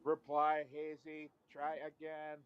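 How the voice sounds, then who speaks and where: A man voicing a male AI robot that writes storylines, with a slow, flat, machine-like delivery. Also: on the high side, lo-fi sound, a little hiss or hum. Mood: robotic.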